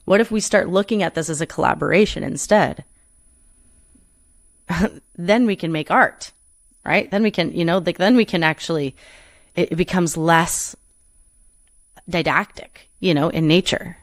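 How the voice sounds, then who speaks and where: In a clean, echo-free studio recording, a woman who performs and coaches speaks as a podcast guest in a lowish voice at a moderate pace with long pauses. The reflective interview finds her earnest and rambling, restarting sentences often and saying "you know" a lot.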